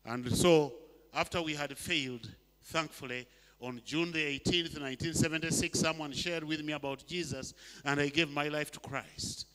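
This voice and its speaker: A man in his sixties from Uganda preaching a sermon, swinging between loud urgent lines and soft slow ones. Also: fairly high pitch, fairly even intonation, clear, resonant tone. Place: church hall. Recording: long hall reverb.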